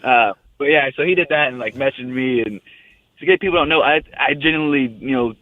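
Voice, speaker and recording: A young fighter calls in for a casual phone interview, telling a story in loose, laid-back, rambling fashion. His mid-range voice is fairly quick, with no echo, over a tinny phone line.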